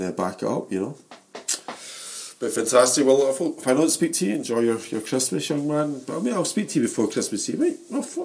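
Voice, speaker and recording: Animated Scottish man in his forties. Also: medium pitch. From Scotland. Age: 40s. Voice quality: animated, laughing storyteller. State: losing his voice. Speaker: podcast co-host. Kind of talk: casual football chat.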